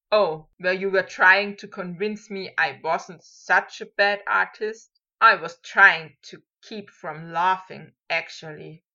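A woman's voice: on the low side, sharp tone, exaggerated voice. A woman voicing a young male wizard painter who talks in a dry, teasing, self-mocking way, on a dull lo-fi recording.

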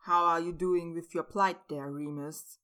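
Plain-talking protective young guy, woman reader, slightly low, bright. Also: steady tone, unhurried. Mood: blunt. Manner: plain-spoken, casual. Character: blunt, protective young man, loyal friend.

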